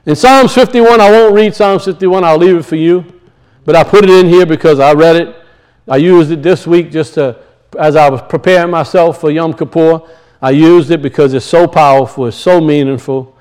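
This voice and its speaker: A man's voice: fairly high pitch, moderate pace, darkish tone, clean tone, low-quality recording. A man preaching a sermon to a congregation, emphatic and repetitive, calling out to his listeners for a response.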